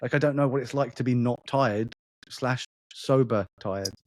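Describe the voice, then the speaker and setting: A man's voice: medium pitch, normal speed, no room sound. A man co-hosting a podcast in casual chat, with an accent between London and polished English, rambling and restarting his sentences. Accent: London mixed with a more polished English. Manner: rambling, repeats words and restarts often. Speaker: podcast co-host.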